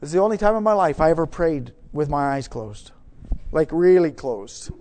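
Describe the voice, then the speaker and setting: Male preacher, high voice, storytelling sermon, halting restarts, hushed then loud. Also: animated.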